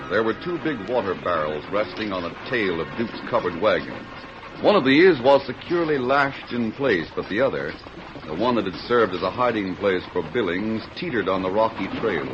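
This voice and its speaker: A man narrating an old radio drama in a measured, storytelling manner. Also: lowish voice, very animated, highs cut off. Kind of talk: scripted narration. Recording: old radio broadcast with music bed.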